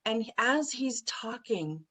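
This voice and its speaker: A woman guest on a business podcast, telling an anecdote in an animated, blunt way. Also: on the high side, takes it slowly, poor audio. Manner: colorful, blunt phrasing. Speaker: guest, recruiting firm president. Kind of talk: podcast interview storytelling.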